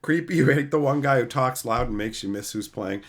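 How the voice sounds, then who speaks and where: A man's voice: mid-range voice, brisk. A man streaming, chatting casually and reading viewer comments, with a blunt, profane, heated way of ranting. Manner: reads viewer comments aloud. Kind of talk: casual livestream chat.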